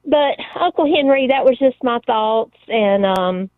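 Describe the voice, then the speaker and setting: A woman phones in to a radio show, chatting in a rambling, nostalgic way. Her voice is high and sounds thin and tinny over the phone line, dry with no room around it. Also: expressive, a little slow, dry recording. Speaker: caller. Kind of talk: phone-in call.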